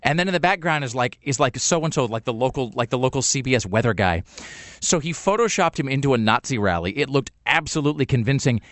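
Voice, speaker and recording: Rambling, lively-voiced radio host man. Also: medium pitch, fast, dry recording. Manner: rambling storyteller with lots of fillers and restarts; sardonic, joking. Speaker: radio talk show host. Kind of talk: casual talk radio banter.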